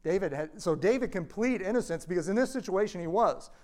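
A man teaching a Bible study class in a conversational way, acting out quoted speech with big swings in pitch. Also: lively intonation, brisk, darkish tone. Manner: conversational, many fillers.

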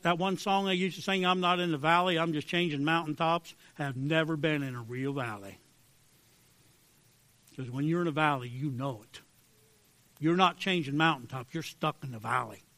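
A man preaching a fervent sermon, swinging between hushed pleading and loud emphasis. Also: fairly high pitch, dry recording. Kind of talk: sermon with altar call.

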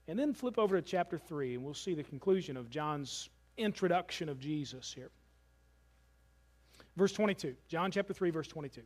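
A man preaching a sermon as pastor, earnest, slowing and softening for emphasis. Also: high voice, expressive.

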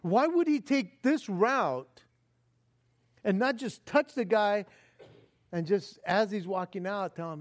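A male preacher with a high voice for a man works through a sermon like a story. He throws out incredulous rhetorical questions and chuckles, then settles into quiet, reflective passages. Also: takes it slowly, pauses often.

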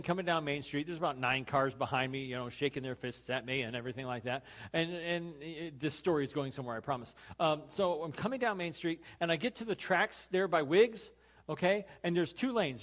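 A middle-aged male pastor giving a conversational sermon, telling a personal story with animated voices and then turning quiet and earnest to make his point. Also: a little high. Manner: animated storytelling, acting out his own road rage; turns quiet and earnest when making the point. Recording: dull lo-fi sermon recording.

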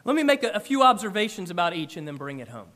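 A man preaching a sermon in church, emphatic and animated, with big swings in loudness. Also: high-pitched, fast talker. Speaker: pastor.

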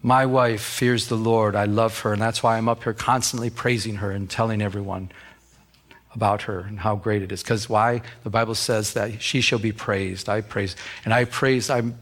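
A man's voice: on the low side, fairly even intonation, normal speed, fairly bright tone. A middle-aged man preaching a sermon as pastor, talking to the congregation in a conversational way and acting out little dialogues. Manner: conversational, acts out dialogue with God.

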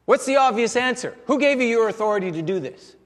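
A man's voice: extremely high pitch, expressive, quick pace, big-room sound. A man preaching a sermon in a conversational way, putting rhetorical questions to the congregation. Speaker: pastor.

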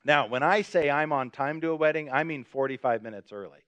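A man's voice: a little high, fairly quick, fairly bright tone, no room sound, lo-fi sound. A middle-aged man preaching a sermon, telling a personal story with self-mocking humor and acting out the voices in it. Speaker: pastor.

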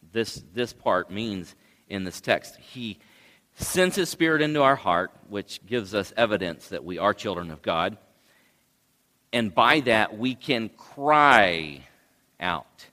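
A male pastor delivers a sermon in a slow, low, bright voice. His preaching rises into loud cries at times. The sound carries the long reverb of a church hall.

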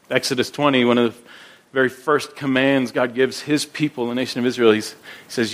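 A man preaching a sermon as pastor, earnest, often repeating words as he builds his points and slowing down for scripture quotes. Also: medium pitch, fairly even intonation.

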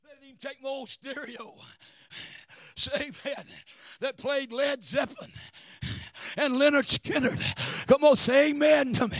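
A middle-aged man preaching a sermon, shouting and chanting, calling for amens from the congregation. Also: extremely high pitch, fairly even intonation, a little slow, long pauses, no echo.

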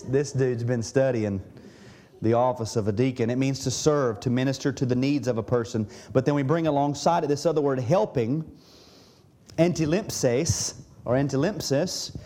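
A man's voice: mid-range voice, warm tone. Earnest man preaching a sermon. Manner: earnest, repeats words when restarting. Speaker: pastor. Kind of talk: sermon teaching.

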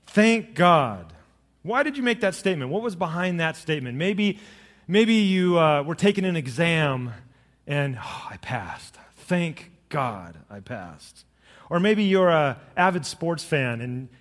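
A middle-aged pastor preaches a sermon, telling jokes and stories and pressing his points with lively emphasis. His voice sits fairly high for a man. The sound rings with the long reverb of a large hall. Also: moderate pace. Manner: jokey storytelling, rising to lively emphasis.

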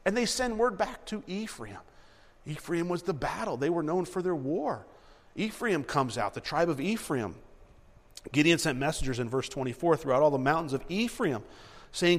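A man preaching and reading Bible verses aloud, animated and repeating himself as he acts out the story. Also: fairly high pitch, moderate pace, in a large hall. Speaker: preacher teaching a Bible passage.

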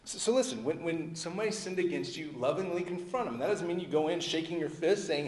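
A male pastor preaching a sermon in a conversational way, dropping low and soft at the ends of phrases. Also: lively intonation, fast, few pauses. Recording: echoey hall with long reverb.

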